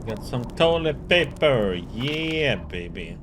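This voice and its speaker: A man's voice: medium pitch, takes it slowly, noisy background. Man muttering through a game. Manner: relaxed, muttering to himself. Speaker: game streamer. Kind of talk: casual gameplay commentary.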